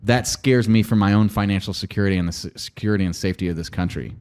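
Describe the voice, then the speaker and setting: A man's voice: on the low side, fast, darkish tone, clean tone. A man hosting a lawyer's podcast, reacting to a radio clip with emphatic, alarmed commentary and repeated warnings.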